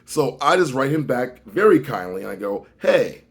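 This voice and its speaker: Male vlogger, comedic storyteller; lively pitch, exaggerated delivery. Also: normal speed, creaky, slightly rough. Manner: animated, exaggerated swings between loud and muttered.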